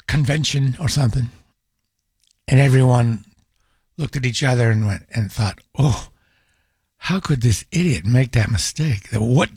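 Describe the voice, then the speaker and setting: A man's voice: fairly high pitch, slightly rough, no room sound, studio quality. A middle-aged man hosting a call-in radio show, talking casually with many fillers and restarts, and firing off exasperated rhetorical questions. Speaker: radio talk show host.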